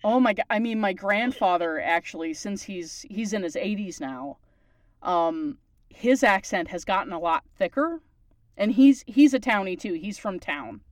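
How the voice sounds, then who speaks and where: Animated at a normal speed, her mid-range voice carries a Newfoundland townie accent as she hosts a podcast and chats casually at length. She's from Newfoundland, Canada, and the sound is dry.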